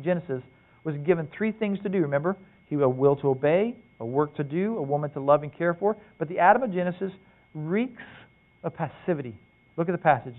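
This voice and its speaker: A middle-aged man preaching a sermon to men, telling family stories, quoting his father and asking rhetorical questions. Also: on the high side. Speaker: preacher at a men's gathering. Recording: tinny phone-like sound.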